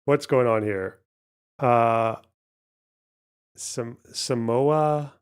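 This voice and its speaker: A man's voice: medium pitch, very slow, clear, resonant tone. A man hosting a live stream, reading out donations and thinking aloud over a word puzzle, muttering and swearing as he goes. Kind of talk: casual live stream chat.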